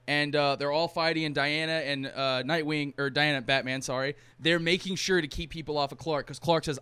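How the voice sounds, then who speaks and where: A man's voice: a little high, fairly even intonation, fairly quick, hardly any pauses, pushed and bright, smooth, dry recording. A man hosting a podcast, casually retelling a movie plot with lots of swearing and laughter. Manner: profane, laughing storyteller. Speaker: podcast host.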